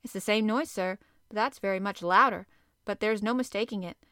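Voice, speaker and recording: A woman's voice: mid-range voice, brisk, pushed and bright, smooth, no echo, studio quality, close to an everyday voice. A woman reading the lines of a bold, blunt male harpooner in an audiobook, speaking confidently and plainly.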